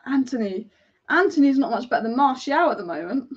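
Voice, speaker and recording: A woman's voice: sits high, lively intonation, fairly quick, slightly rough, muffled recording. Opinionated woman football fan, live. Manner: chatty, opinionated and exasperated. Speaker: football fan host of a watch-along. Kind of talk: live match watch-along commentary.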